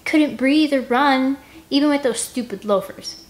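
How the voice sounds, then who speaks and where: A woman voicing a whiny, bratty young girl, shrill and complaining. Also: unhurried.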